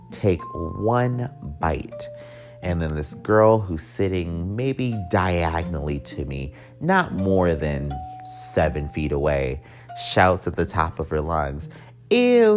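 A man's voice: sits low, expressive, takes it slowly, faint music behind. A young man telling a personal story in a candid, profane way, with wry joking asides.

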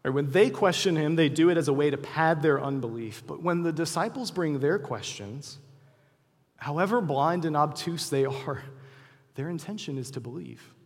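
Earnest preacher in an echoey hall. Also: male voice, fairly high pitch, husky. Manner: earnest preaching with animated acted-out quotes. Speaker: pastor. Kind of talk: sermon.

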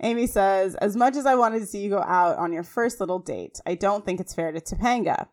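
A woman co-hosts a casual podcast and walks through a sitcom episode scene by scene. She rattles off quoted lines quickly and animatedly, with a light conversational tone. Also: mid-range voice, a little mellow. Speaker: podcast co-host. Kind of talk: casual recap chat.

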